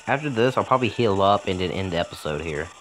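A man's voice: low voice, lively intonation, a little fast, a bit bright. A man casually commenting on a video game, joking, swearing and talking back to the game. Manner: joking, profane, talks to the game.

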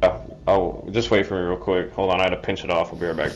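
A man's voice: low voice, level tone, fast, highs cut off, background noise. A man streaming a co-op game, chatting casually, swearing and laughing often. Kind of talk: casual co-op gameplay chat.

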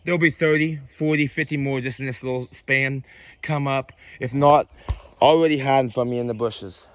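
A man vlogging outdoors in the woods, rambling excitedly and joking as he goes. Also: medium pitch, normal speed, dry recording, muffled recording. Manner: excited, rambling, talks to mushrooms playfully. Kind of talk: casual outdoor vlog narration.

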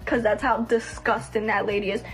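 A woman's voice: medium pitch, flat delivery, brisk, faint music behind. A young woman hosting a livestream, venting bluntly and heatedly with plenty of swearing. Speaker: livestream host.

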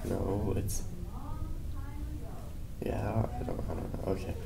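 A man's voice: deep voice, level tone, takes it slowly, creaky, whispered. A teenage boy student in a classroom, hesitantly sounding out letters and syllables. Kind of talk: reading aloud in class. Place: school classroom.

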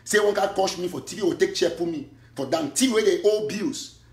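A man's voice: high-pitched, brisk, roomy sound. A man with a Cameroonian Pidgin English accent, giving an impassioned monologue that mixes pidgin and English in bursts. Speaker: online activist commentator. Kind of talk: fiery livestream monologue.

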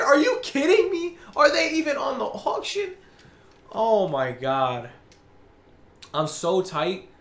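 Male gaming creator, slow exasperated ranting commentary with big pitch swings, roomy echo. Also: a bit bright. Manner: exasperated, ranting, frequent groans and sighs. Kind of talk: video game pack opening commentary. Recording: roomy echoey recording.

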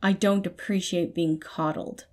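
A stubborn, proud young man, read by a woman speaks in slow, clipped words. His tone stays cold and level, refusing help. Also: lowish voice, steady tone.

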